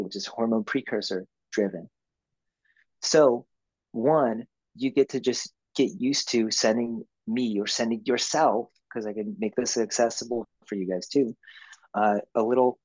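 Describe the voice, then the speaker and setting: A man guest on a podcast interview, talking in an easygoing, calm coaching way and laughing often. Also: medium pitch, no echo, muffled recording. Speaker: podcast guest, author and yoga instructor.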